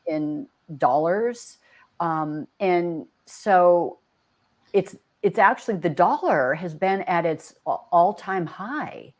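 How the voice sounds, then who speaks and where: A woman's voice: fairly low pitch, takes it slowly, darkish tone. A woman co-hosting a podcast in casual chat, earnest, listing facts and restarting sentences. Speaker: podcast co-host.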